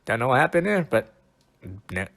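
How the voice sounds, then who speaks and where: A man's voice: medium pitch, very animated, normal speed, gravelly, fairly bright tone. A man hosting a casual podcast, bemused and poking fun at himself as he talks. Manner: bemused, self-mocking, laughs at himself. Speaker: podcast host.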